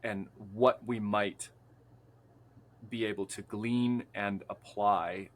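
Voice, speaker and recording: A man's voice: lowish voice, steady tone, slow pace. A man, a podcast guest, speaking earnestly and contemplatively in long flowing phrases. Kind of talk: reflective conversational chat.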